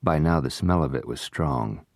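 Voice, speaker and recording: Male narrator, very deep voice, steady storytelling, dry close studio mic. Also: normal speed, no room sound. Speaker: audiobook narrator. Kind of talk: scripted narration.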